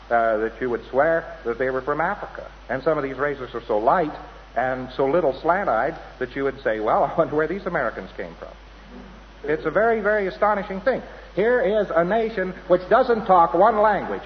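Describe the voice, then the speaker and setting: A man giving a rambling, anecdotal lecture to an audience, often mimicking other people's voices. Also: fairly high pitch. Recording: dull lo-fi hall recording with hiss.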